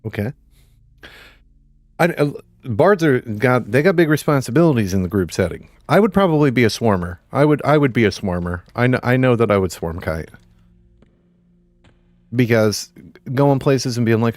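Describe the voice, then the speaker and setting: A man's voice: medium pitch, lively intonation, moderate pace, pauses often, no room sound. Male streamer, rambling and profane, laughs a lot; dry, close mic. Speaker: livestream gamer. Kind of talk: casual live-stream chat.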